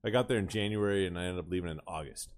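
Low-voiced, offhand cursing man. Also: racing. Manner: profane, offhand storytelling. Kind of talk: casual chat.

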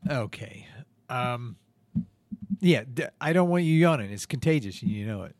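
A man's voice: medium pitch, lively intonation, normal speed, dry recording. A man hosting a comedy podcast, talking in a dry, theatrical, self-mocking way. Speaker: podcast host. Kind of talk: comedic improvised banter.

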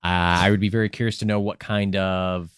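A man's voice: low-pitched, flat delivery, fairly quick, clear, resonant tone, no room sound, clean studio sound. A man co-hosting a casual podcast, rambling and swearing as he jokes through his points. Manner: rambling, profane, joking. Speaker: podcast co-host.

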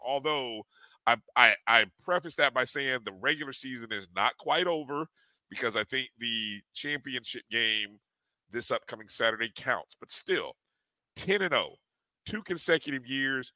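A middle-aged man co-hosts a sports podcast in an easygoing way, stumbling over his words before his questions. His tone is very bright and forceful, and the sound is completely dry. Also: medium pitch, no room sound, poor audio. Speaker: podcast co-host.

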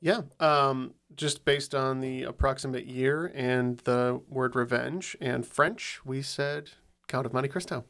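A man playing along on a trivia podcast, deliberate and wry. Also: medium pitch, a bit bright. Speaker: quiz contestant. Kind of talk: casual chat.

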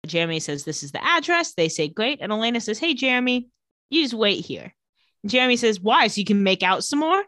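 A woman's voice: mid-range voice, dry recording, studio quality. Chatty woman recapping with acted-out lines. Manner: lively storytelling, acting out lines in quick voices. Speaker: podcast co-host recapping a TV episode. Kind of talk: casual chat.

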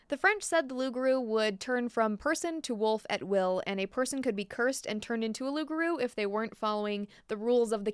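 A woman's voice: fairly high pitch, clear, resonant tone, dry recording, clean studio sound. A woman hosting a podcast, telling spooky legends with chatty, playful asides. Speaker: podcast host. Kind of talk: storytelling podcast.

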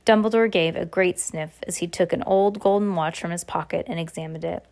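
A woman reading a novel aloud in a steady manner, with occasional restarts. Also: lowish voice, fairly quick, creaky. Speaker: reader.

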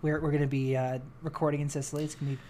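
Relaxed, hesitant male podcast co-host. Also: on the high side, very fast, a little hiss or hum. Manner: relaxed, hesitant with many fillers. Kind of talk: casual film podcast chat.

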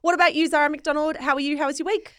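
A young woman co-hosting a podcast, expressive and quick to laugh in casual chat. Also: high voice, no echo, clean studio sound. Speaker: podcast co-host.

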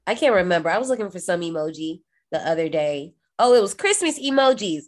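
A woman co-hosting a casual horror movie recap podcast, animated and profane, often jumping high to act out quoted lines, speaking. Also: quick pace, hardly any pauses. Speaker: podcast co-host.

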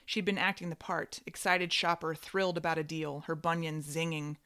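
Woman narrator with a somewhat low voice, wry and measured, reading literary fiction. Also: little pitch movement, sharp tone.

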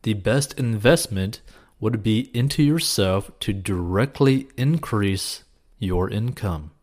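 A man's voice: fairly low pitch, animated, slow, a little mellow. A man answering a viewer's question with casual, earnest money advice, encouraging and peppered with "like" and "you know.". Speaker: personal finance advice host.

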